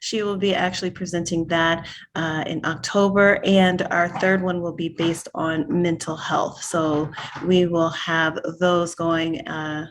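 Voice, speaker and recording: A woman announcing the next segments of an event series, quick and informative. Her voice sits fairly low, and a faint rumbling noise runs behind her. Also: level tone. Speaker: event organizer.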